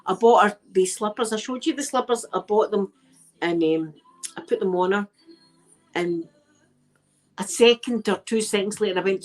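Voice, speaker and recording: Scottish woman, middle-aged, soft-spoken ASMR chat, rambling storyteller, faint music in the background. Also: medium pitch, moderate pace, pauses often, rough recording. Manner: rambling storytelling with local words like aye and wee. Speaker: ASMR channel host.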